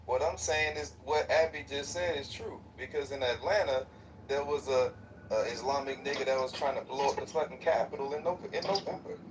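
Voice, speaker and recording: A man's voice: medium pitch, brisk. A man in a heated political argument, speaking bluntly and challenging the others. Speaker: debate participant. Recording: distant stream audio with faint noise.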